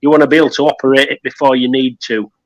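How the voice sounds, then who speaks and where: A man's voice: mid-range voice, little pitch movement, very fast, no echo, dull audio. Rambling man explaining gear by phone. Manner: rambling, practical, explains kit step by step. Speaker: guest survivalist. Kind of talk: casual chat.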